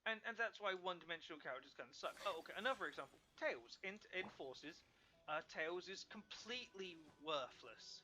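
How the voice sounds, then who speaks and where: A man's voice: sits high, expressive, fairly quick, pushed and bright, slight background noise. A man streaming a game, rambling and thinking aloud in casual commentary with many restarts.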